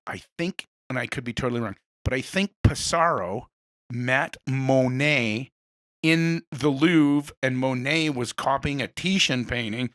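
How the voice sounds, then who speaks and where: A man hosting a casual interview, telling rambling animated stories. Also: medium pitch, no room sound. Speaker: podcast host.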